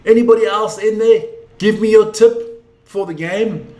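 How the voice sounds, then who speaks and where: Older male, high-pitched, chatty and excitable, calling live rugby; echoey room. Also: a little slow. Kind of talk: casual live commentary.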